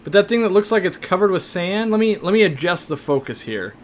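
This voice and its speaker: Young male live-stream host, a bit high-voiced, loose and jokey with lots of "uh"s, faint hiss behind. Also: animated, fairly quick. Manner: chatty, joking, rambling with many fillers. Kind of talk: casual live-stream chat, reading viewer questions.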